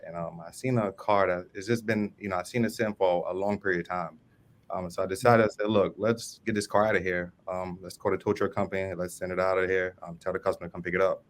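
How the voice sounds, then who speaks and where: A man from New Orleans tells a story on a panel in a loose, halting way, full of ums and restarts. His voice sits low. A faint rumble runs under the recording. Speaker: service manager panelist.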